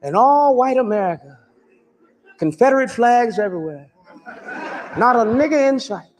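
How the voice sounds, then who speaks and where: A man performing a stand-up comedy routine, riffing loudly and profanely with big swings in pitch. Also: expressive, normal speed, pauses often.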